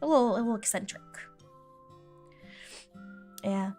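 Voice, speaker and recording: A woman's voice: medium pitch, measured pace, faint music behind. A woman streamer chatting casually with viewers, telling a family story and laughing often. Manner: animated, quotes relatives in voices.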